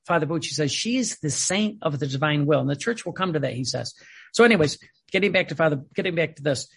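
A man reading aloud and commenting on a spiritual text, telling stories in a digressive, animated way. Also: a little high, fairly quick, breathy edge. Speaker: religious teacher.

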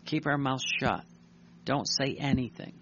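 A man preaching a sermon, reading passages aloud, halting with many fillers and restarts and clearing his throat often. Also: medium pitch, fairly bright tone. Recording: muffled recording with faint hum.

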